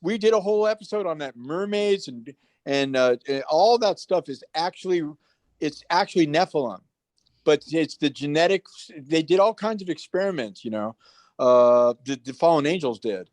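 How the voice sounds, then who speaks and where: A man's voice: a little high, normal speed, no room sound. A man telling stories in a casual interview, acting out the voices of people he quotes. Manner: animated storyteller, acts out quoted voices. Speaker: guest, actor.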